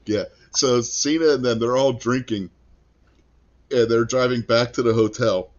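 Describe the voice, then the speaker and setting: A man's voice: mid-range voice, a little slow, lo-fi sound. A man co-hosting a casual podcast who tells stories and likes to act out the lines he quotes. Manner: animated storyteller, acts out quotes. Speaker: podcast co-host. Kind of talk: casual storytelling chat.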